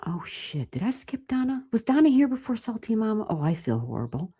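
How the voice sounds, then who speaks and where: A woman giving live astrology readings on a stream, chatty and animated, swearing casually and laughing often. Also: a little high, a little fast, hardly any pauses, slightly rough. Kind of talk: casual livestream chat.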